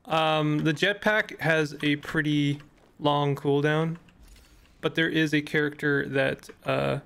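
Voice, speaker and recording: A young man chats loosely over his gameplay, full of fillers and false starts. His voice sits a little high and has a gravelly, fry-heavy edge, worn down as if he is losing it. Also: steady tone, slow, fairly bright tone. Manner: rambling, many fillers and restarts. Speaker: gaming YouTuber. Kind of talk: casual gameplay commentary.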